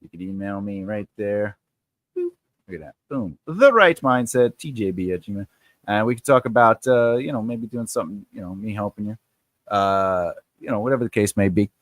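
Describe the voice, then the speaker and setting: A man hosts a casual live stream, rambling through his thoughts with lots of fillers and restarts. His pitch jumps around in a lively, animated way, and he often breaks into playful laughs. The sound is dry and close, with no room echo. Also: a little fast. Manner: chatty and rambling, with many fillers, repeats and asides; playful, laughs often and reacts to the viewer chat. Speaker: writing coach hosting a live stream.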